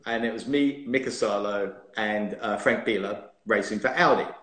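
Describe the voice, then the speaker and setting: With a lowish voice at normal speed, a man in his fifties who used to race cars chats casually as a live-stream guest. He tells stories lively, laughing and teasing, and the audio comes from a phone or laptop mic in a roomy, echoey space.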